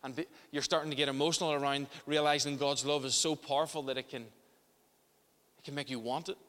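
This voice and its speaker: A man's voice: a little high, steady tone, a little fast, fairly bright tone, long reverb tail. A man preaching a sermon as pastor in a church, impassioned, often restarting and repeating words.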